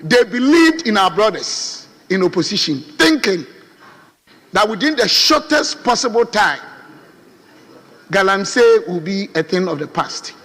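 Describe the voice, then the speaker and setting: Male Ghanaian MP, high and animated, oratorical appeals; long reverb of a parliament chamber. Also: a little slow. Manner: oratorical, appealing, rhetorical questions. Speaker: member of parliament. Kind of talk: parliamentary debate speech.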